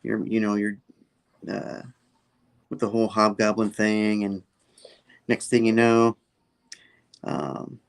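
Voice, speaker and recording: A man with a gravelly, fairly low voice talks through a comic recap in a loose, rambling way. He leans on fillers and keeps slipping into quick "he's like" quotes of the characters. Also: flat delivery. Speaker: comic book reviewer.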